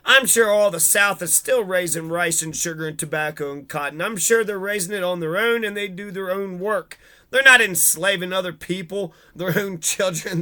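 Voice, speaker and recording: A man with a high, bright voice riffs on old history in a loose, sarcastic way. He swears freely and mocks the quotes he reads aloud. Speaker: history channel host. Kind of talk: casual history commentary.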